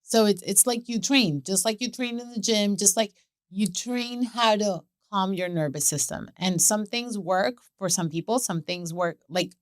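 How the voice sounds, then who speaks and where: A woman who coaches mothers, talking in a relaxed podcast chat and acting out inner voices with animation. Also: mid-range voice, normal speed, no room sound, studio quality. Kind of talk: casual podcast conversation.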